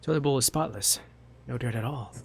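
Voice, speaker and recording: A man's voice: mid-range voice, a little fast, gravelly, a little hiss or hum. A man doing casual let's play commentary on a horror game, reading the text aloud in a jumpy, nervous, joking way.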